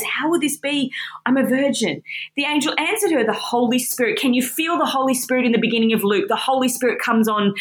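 A woman giving an expressive, emphatic Bible teaching talk in a conversational way. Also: a little high, reverberant, rough recording.

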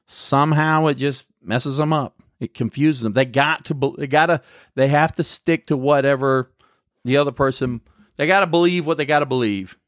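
A man's voice: mid-range voice, moderate pace, no echo, clean studio sound. A man hosting a podcast, giving a rambling, sarcastic political monologue full of self-corrections. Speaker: podcast host.

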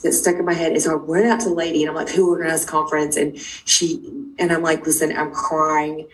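A middle-aged woman, a guest, telling her own story quickly and emphatically, acting out the dialogue she quotes. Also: deep voice, level tone. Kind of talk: animated personal storytelling. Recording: distant mic with faint noise.

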